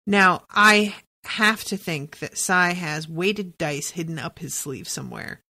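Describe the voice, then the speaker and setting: A woman's voice: lowish voice, slow, vocal fry, pushed and bright. A woman hosting a podcast, recapping a TV episode in casual, profane chat and thinking aloud with lots of "like"s.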